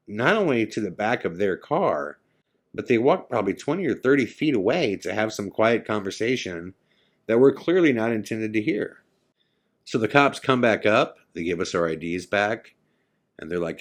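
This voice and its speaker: A man's voice: lowish voice, very animated, moderate pace. A man from California, a podcast host, vividly telling a first-person ghost story and acting out the lines of the people in it. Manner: vivid, acts out his own and others' lines. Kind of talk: dramatic storytelling.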